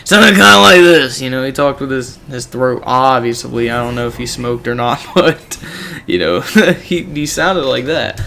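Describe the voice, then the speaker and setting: A man's voice: mid-range voice, measured pace, creaky, fairly bright tone, a little hiss or hum. A man from a gaming channel telling a story casually, rambling with lots of "you know" and "like".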